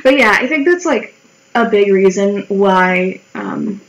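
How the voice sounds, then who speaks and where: A woman's voice: mid-range voice, expressive, slow, low-quality recording. A woman from the United States chatting casually while she draws on a stream, rambling, swearing and mocking herself as her voice wears out. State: voice wearing out. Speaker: livestreamer drawing. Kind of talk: casual chat while drawing.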